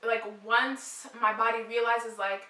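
With a slightly high, bright, forceful voice, steady in tone and a little slow, a vlogger in her twenties talks casually to camera. She's pregnant with morning sickness and rambles, using "like" as constant filler. Echo fills the room, as the mic is placed far off.

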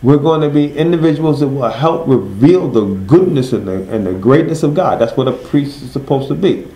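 A man teaching a Bible study. He asks his listeners questions and answers them himself, and he reads scripture slowly, stressing each word. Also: mid-range voice, expressive, warm tone, roomy sound, rough recording.

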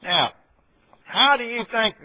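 A man's voice: very high voice, lively intonation, slow. A man, a pastor leading a Bible study in a folksy storytelling manner and quoting conversations. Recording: tinny phone-like audio.

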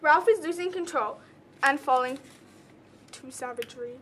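Bright high-voiced woman narrating. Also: moderate pace, a little hiss or hum. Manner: explanatory, earnest. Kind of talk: student presentation narration.

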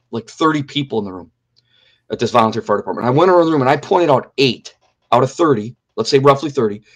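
Middle-aged guy telling his story in an interview, earnest, repeats himself for emphasis, ordinary mid voice. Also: mid-range voice. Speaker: interview guest. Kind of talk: personal testimony in an interview.

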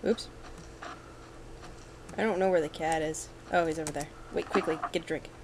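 A young woman giving casual, excitable commentary while playing a video game, with sudden yelps and running chatter. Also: deep voice, normal speed, noisy background. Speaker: let's play gamer.

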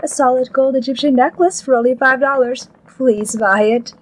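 A woman voicing a crazy old man who sells a cursed necklace, wheedling slowly and then shrieking wildly. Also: high voice, a little hiss or hum, voice pushed up, close to an everyday voice. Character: shrill old male curse-peddling geezer.

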